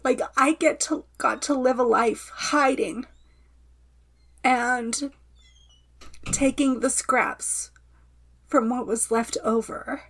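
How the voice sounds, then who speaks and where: A woman podcast host slowly putting her feelings into words, pausing and restarting as she reflects. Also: high-pitched, fairly even intonation, fairly bright tone. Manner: slow, searching, halting speech. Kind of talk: emotional self-reflection.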